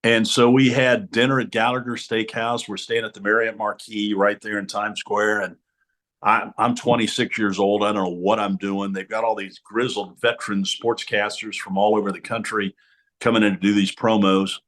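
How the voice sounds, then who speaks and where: This middle-aged man is a sportscaster being interviewed in a radio studio. He speaks at a normal speed in a lowish, level, slightly bright voice, and he tells lively stories while imitating the voices of others.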